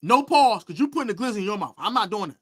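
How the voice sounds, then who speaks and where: A lively man with a bright, forceful voice, taunting and boasting as he previews a football game. His pitch swings widely as he repeats his jabs over and over, and he mixes slang in with the talk. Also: fast. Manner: animated, boastful, repetitive taunting. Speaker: sports podcast host. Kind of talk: trash-talking football preview.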